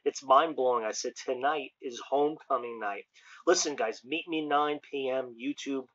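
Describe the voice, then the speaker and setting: Animated New preacher, lo-fi. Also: male voice, medium pitch, moderate pace. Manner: animated storyteller who acts out the dialogue. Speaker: street preacher and online ministry host. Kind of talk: impassioned testimony. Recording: lo-fi dull sound.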